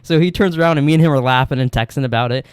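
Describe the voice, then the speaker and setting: A man's voice: mid-range voice, rapid-fire, smooth, no room sound, studio quality. A young man co-hosting a podcast, telling rambling stories with restarts and casual swearing. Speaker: podcast co-host.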